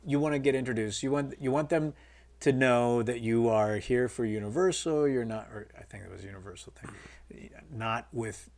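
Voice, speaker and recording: A man's voice: medium pitch, normal speed, darkish tone. A middle-aged filmmaker, a man, telling stories casually in an interview, with many fillers and quoted dialogue. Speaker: guest filmmaker.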